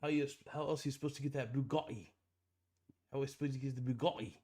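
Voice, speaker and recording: A man's voice: medium pitch, steady tone, fast, warm tone, lightly acted. A man voicing a pushy, hustle-obsessed male producer in a hammy mock British accent, nagging in slang.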